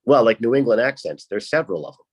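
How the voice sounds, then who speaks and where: A man's voice: medium pitch, very animated, fast talker, a little mellow, husky. A man from Rhode Island hosting a podcast, chatty and laughing often. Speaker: podcast host. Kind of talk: casual chat.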